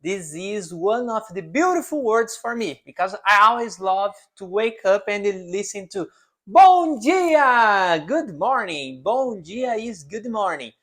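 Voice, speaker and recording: A man from southern Brazil with a southern Brazilian accent, teaching Portuguese to beginners in English, drilling words slowly and tagging his points with "okay?". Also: sits high, animated, pushed and bright. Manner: repeats words slowly for the learner and tags lines with "okay?". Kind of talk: beginner language lesson.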